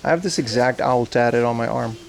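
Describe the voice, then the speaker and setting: Gravelly man chatting on a livestream. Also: mid-range voice, brisk. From Aruba. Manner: joking, swears freely, chats to viewers. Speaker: streamer. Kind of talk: casual IRL livestream chat. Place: outdoors at a zoo park.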